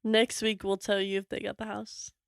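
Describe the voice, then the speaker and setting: A woman's voice: medium pitch, monotone, moderate pace, creaky, clear, resonant tone, no echo, studio quality. A young woman co-hosting a casual podcast, telling stories in a rambling way, full of "like" and little laughs. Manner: giggly, rambling storyteller full of "like". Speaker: podcast co-host.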